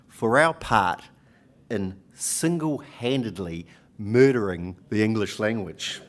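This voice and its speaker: A man with a New Zealand accent gives a speech at a conference, joking with the crowd and having them repeat phrases after him. His voice sits at an ordinary middle pitch. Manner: jokey, leads the audience in call-and-response. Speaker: union speaker. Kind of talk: conference speech with audience participation. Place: conference hall.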